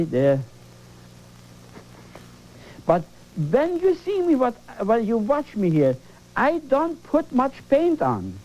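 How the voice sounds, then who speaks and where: A man's voice: extremely high pitch, warm tone, highs cut off. A man leading a televised painting lesson, exclaiming and coaxing, repeating phrases for emphasis. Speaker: painting instructor.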